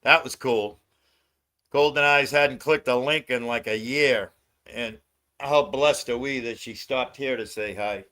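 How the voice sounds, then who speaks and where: A man's voice: medium pitch, unhurried, pushed and bright. A man hosting a casual livestream, ranting with lots of swearing and frequent laughter. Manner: profane ranting, laughs often. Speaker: livestream host.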